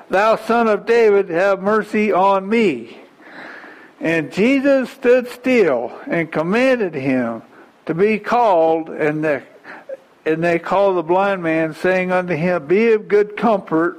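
High-voiced slow preaching man. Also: poor audio. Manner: animated storytelling, drawn-out emphasis. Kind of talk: sermon.

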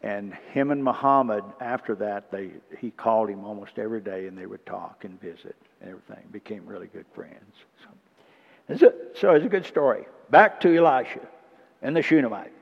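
A male preacher with a gravelly, rough voice tells a long story as part of a sermon, breaking off for asides and frequent throat clearing. He sounds emotional. The recording is dull and muffled, with a long reverb trailing off the walls of a church hall. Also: on the low side, lively intonation, a little fast.

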